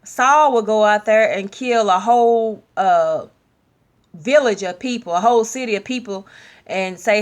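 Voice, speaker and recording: A woman sharing a personal testimony in a sermon style, speaking openly and leaning slowly into her key phrases. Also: medium pitch. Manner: slow, drawn-out emphasis, candid and personal.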